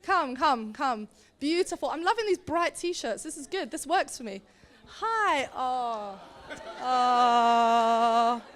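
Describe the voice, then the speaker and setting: A high, lively woman tells a Bible story to a group, acting out each character as she goes. Her pitch swings widely from line to line. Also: normal speed, hardly any pauses, some chatter behind. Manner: animated, acts out characters with put-on voices. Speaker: seminar speaker. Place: meeting hall or seminar room.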